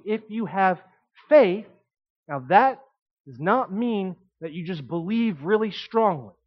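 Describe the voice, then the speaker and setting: A man preaching a sermon in an animated, conversational way, with emphatic asides. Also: sits high, takes it slowly, muffled recording.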